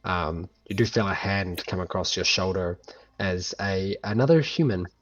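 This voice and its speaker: Low-voiced game master on a lo-fi recording. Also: male voice, normal speed, a bit bright. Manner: loose, full of fillers. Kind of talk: narrating a tabletop game. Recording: muffled lo-fi with faint music.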